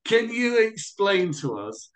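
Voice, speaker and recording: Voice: mid-range voice, sing-song, slow. An interview host asking curious questions and giving encouraging backchannels. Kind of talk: casual interview.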